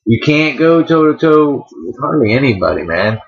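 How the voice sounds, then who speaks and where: A man's voice: mid-range voice, big pitch swings, moderate pace, lo-fi sound. Laid-back man reviewing wrestling. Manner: laid-back, trash-talking, laughs often. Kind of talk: casual review chat.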